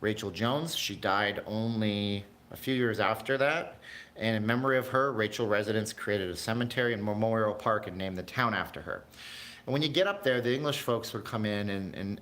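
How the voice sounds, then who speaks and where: Guy on a livestream, kinda low voice, rambly, goes off on tangents and chats with viewers. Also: brisk, a bit bright. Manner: rambling, chatty, jumps between tangents; talks to live chat viewers. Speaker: livestream host. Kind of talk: casual livestream chat.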